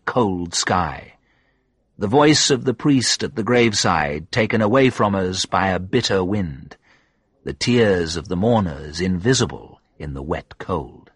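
A man narrating a first-person audiobook in a measured, sombre storytelling manner. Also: low voice, fairly bright tone, husky, no echo, studio quality.

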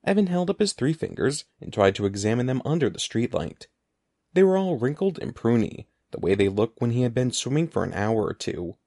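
A man narrating a children's storybook aloud in an expressive, animated way. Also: medium pitch, brisk. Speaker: audiobook narrator.

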